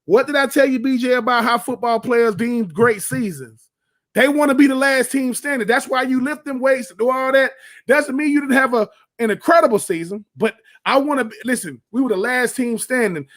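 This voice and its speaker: A man's voice: very high-pitched, a little fast, fairly bright tone. A man hosting sports radio commentary. He talks in an emphatic, folksy way, preaching in repeated phrases and restarting often.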